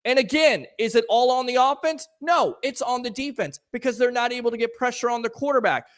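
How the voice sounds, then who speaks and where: A man's voice: extremely high pitch, a little fast. A male sports talk host taking callers after a loss, frustrated and emphatic, firing off rhetorical questions. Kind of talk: call-in sports talk show.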